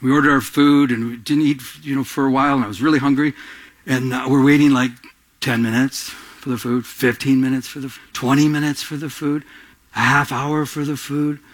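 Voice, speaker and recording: A middle-aged man preaching a sermon as pastor, animated, jumping between loud emphatic lines and quiet asides, acting out little voices in his stories. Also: medium pitch, a little fast. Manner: acts out little voices in anecdotes, laughs while telling them.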